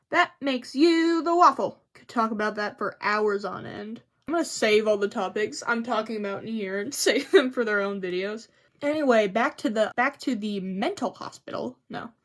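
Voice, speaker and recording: A woman's voice: on the high side, normal speed. Rambling, foul-mouthed young woman vlogger. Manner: rambling, profane, self-mocking. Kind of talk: casual rambling chat to camera.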